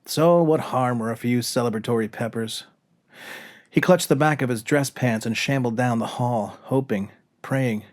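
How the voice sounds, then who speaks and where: A man's voice: mid-range voice, normal speed, darkish tone. A man narrating a comic short story aloud with a dry, wry delivery. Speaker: narrator reading his own short story.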